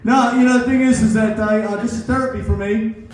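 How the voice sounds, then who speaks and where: A man's voice: high voice, steady tone, fairly quick. A man in his sixties doing a rambling, self-mocking stand-up set at a comedy club. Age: 60s. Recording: echoey club recorded from far off.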